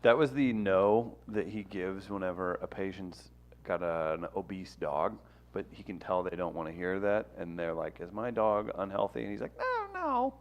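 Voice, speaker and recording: A man's voice: deep voice, fairly even intonation, normal speed, highs cut off, slight background noise. A man hosting a podcast, teasing his guests and co-hosts in casual banter. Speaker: podcast host.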